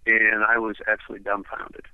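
A man's voice: on the low side, completely flat delivery, fairly quick, no room sound. A man from the eastern United States, a radio guest telling a long story over the phone in a rambling way, full of fillers. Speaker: radio show guest, ranch owner. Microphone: telephone. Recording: tinny phone line, dry.

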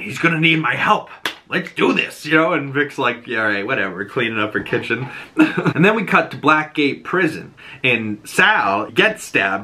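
Boston podcast host, male, bright and forward voice, loose rambling recap with quoted voices. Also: medium pitch. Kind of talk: casual episode breakdown.

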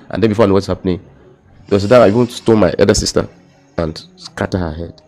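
A young man with a Nigerian accent shares his personal testimony in a relaxed conversational setting. His voice sits very low and deep. He speaks haltingly, repeats his words, and his voice often drops to a soft, emotional hush. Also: creaky, faint music behind. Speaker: guest telling his testimony.

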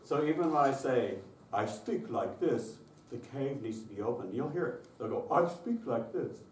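A man leading a workshop on children's singing, lively and demonstrative, acting out the voices he describes. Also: fairly high pitch, slight background noise. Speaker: choral music clinician. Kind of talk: conference workshop presentation. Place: conference session room. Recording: echoey room from far off.

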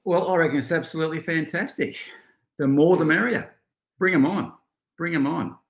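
A man's voice: a little high, normal speed, echoey room. A middle-aged Australian man, a guest on a podcast, telling stories in a casual chat with frequent laughter. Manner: storytelling, laughing, animated.

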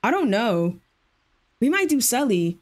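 A female live streamer chats with her viewers in a casual, excited way while she plays, throwing in plenty of slang. Her voice is on the high side and her pace is measured.

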